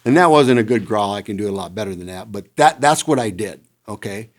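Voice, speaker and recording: A man on a podcast telling a hunting story in casual talk, animated and imitating deer calls now and then. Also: on the low side, fast. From Midwest United States. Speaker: podcast co-host, hunter.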